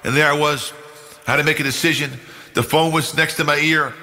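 Speaking briskly with a slightly high, pushed and bright voice, an older man from New York shares his testimony as a guest. His intonation stays fairly even, yet he is earnest and emphatic, performing the quoted lines, all in a long, reverberant hall.

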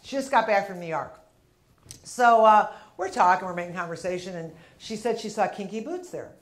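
A woman's voice: mid-range voice, expressive, normal speed. A woman in her fifties doing a punchy stand-up comedy routine in a comedy club, working the crowd. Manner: brash, punchy delivery with crowd work. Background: audience laughter.

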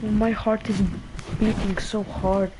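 Woman, game streamer, excited and breathless, very slow drawn-out talk, game sounds behind. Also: medium pitch, heavy background noise. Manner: excited, repeats exclamations, breathless. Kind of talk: live gameplay commentary.

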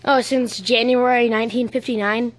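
A woman voicing a dramatic, excitable young princess who bursts out shrilly and rambles to herself. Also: on the high side, moderate pace, close to an everyday voice.

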